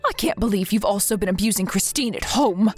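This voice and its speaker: A woman's voice: medium pitch, a little fast, husky, close to an everyday voice. A woman voicing a stern, scolding grandmother. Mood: accusing. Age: older. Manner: firm, scolding. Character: worried stern grandmother texting. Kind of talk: text-message story read aloud. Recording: soft music behind.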